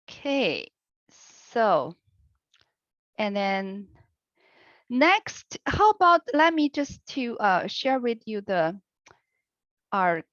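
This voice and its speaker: A woman teaching an online language class over a video call, with a patient, encouraging manner and unhurried explanations. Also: medium pitch, fairly bright tone, no room sound. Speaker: online Chinese language instructor. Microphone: computer mic on a video call. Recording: lo-fi video-call audio, dry.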